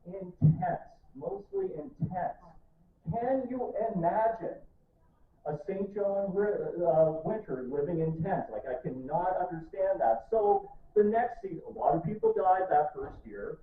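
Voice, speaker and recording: A man's voice: sits high, very animated, measured pace, a little hiss or hum. Playful man lecturing in a hall. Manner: playful, joking, draws the audience in. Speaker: author giving a public history talk. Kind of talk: lively public lecture. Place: library event room, live audience. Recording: distant, echoey, tinny room recording.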